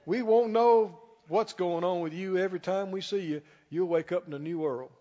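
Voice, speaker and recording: A man preaching a sermon as pastor, emphatic, slowing down and rising on key lines. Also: high voice, warm tone. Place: church sanctuary. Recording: dull sound with long hall reverb.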